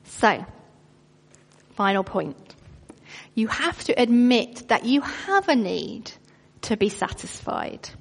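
A woman preaching a sermon, emphatic, slowing down to stress key phrases. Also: fairly high pitch, sing-song, vocal fry, breathy edge. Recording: long hall reverb.

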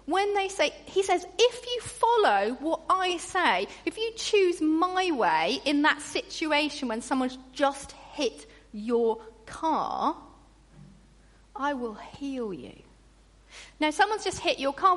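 A woman preaching a sermon in an animated way, acting out grumbling voices. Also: sits high. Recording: long reverb in a large hall.

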